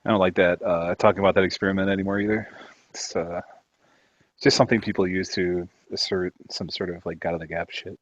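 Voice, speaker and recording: A man's voice: sits low, flat delivery, brisk, no echo. A laid-back man giving short, blunt replies in a casual chat. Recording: dull lo-fi sound.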